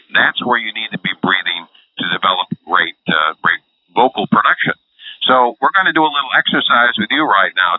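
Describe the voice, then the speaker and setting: A man's voice: medium pitch, no echo. A man working as a voice coach, explaining vocal care and breathing in an interview. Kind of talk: instructional interview. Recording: phone-like dry line.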